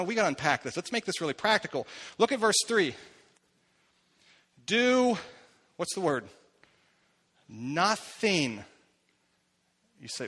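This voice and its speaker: A man's voice: high-pitched, fairly bright tone, slightly rough. A man in his thirties preaching a sermon, talking conversationally and putting questions to the congregation. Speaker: pastor. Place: church hall. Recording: long hall reverb.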